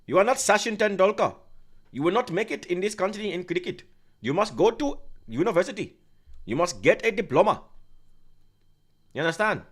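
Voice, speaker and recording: A man's voice: high voice, big pitch swings, moderate pace, long pauses, fairly bright tone, pitched above the performer's own voice, heavily acted. A man doing a strict scolding immigrant dad. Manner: stern, insistent lecturing in a put-on accent. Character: strict immigrant father scolding his son.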